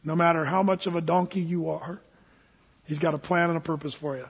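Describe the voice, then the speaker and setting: A man's voice: fairly high pitch, fairly even intonation, brisk, breathy edge. A man preaching a sermon, earnest and folksy in manner. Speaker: pastor. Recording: dull, echoey church hall recording.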